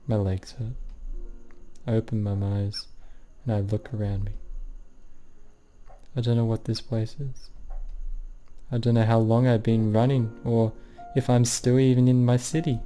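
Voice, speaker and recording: A distraught teenage girl from a visual novel, as a man reads her lines aloud. She pleads in a shaky voice, spiralling into despair and self-blame, and her words come slowly. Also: on the low side, little pitch movement, warm tone, faint music behind, close to an everyday voice. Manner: shaky, pleading first-person reading.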